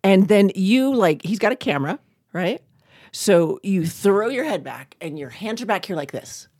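A woman's voice: animated, normal speed, a little mellow, no room sound, clean studio sound. A middle-aged woman from Oklahoma co-hosting a podcast, chatting bawdily, laughing often and acting out quotes. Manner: bawdy, laughs often, acts out quotes with swooping pitch. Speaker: podcast co-host. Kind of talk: casual chat.

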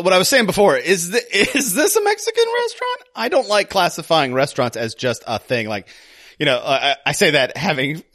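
A man's voice: fairly high pitch, no room sound, clean studio sound. A man in his forties hosting a casual movie podcast, joking and laughing as he talks. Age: 40s. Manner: animated, laughing, jokey. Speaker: podcast host.

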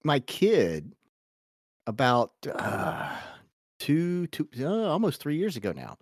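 A man's voice: medium pitch, wildly swooping pitch, slow pace, no room sound, studio quality. A man in his forties with a Southern US accent, hosting a casual podcast chat, rambling and restarting his phrases. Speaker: podcast host.

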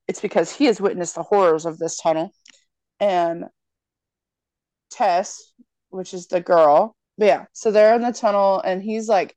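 Casting: young woman, podcast co-host, lively storyteller who swears freely, dry close sound. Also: mid-range voice, moderate pace, no room sound. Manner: animated storyteller, swears freely, acts out lines. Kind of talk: casual chat, retelling a horror movie.

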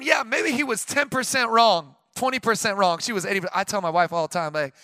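A man preaching a sermon with an energetic, repetitive cadence, swinging between loud declarations and hushed storytelling. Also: high voice, moderate pace, few pauses, no echo. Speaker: pastor.

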